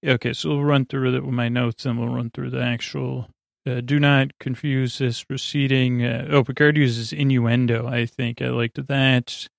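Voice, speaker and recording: A man hosting a sleep podcast, recapping a TV episode in a meandering, halting way with lots of filler sounds. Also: medium pitch, flat delivery, gravelly, no room sound, studio quality. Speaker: podcast host.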